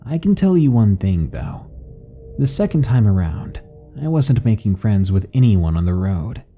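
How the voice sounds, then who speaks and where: A man narrating a horror story in a calm, measured, ominous delivery. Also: fairly low pitch. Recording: faint background music.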